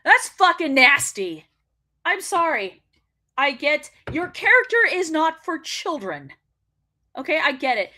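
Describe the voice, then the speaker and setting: A woman's voice: sits high, very animated, a little slow, sharp tone. A woman hosting a wrestling show, ranting in casual commentary, swearing freely and laughing often.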